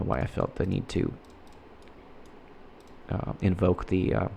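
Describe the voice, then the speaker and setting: A man giving casual, rambling commentary while playing a game, halting and restarting his sentences often. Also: low voice, little pitch movement, vocal fry, warm tone, a little hiss or hum. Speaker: gameplay commentator.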